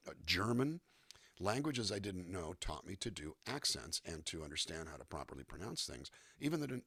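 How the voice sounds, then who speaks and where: A man's voice: sits low, pushed and bright, breathy edge, no room sound, studio quality. A man who works as a voice actor and musician, talking in an interview and demonstrating line readings. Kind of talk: conversational interview.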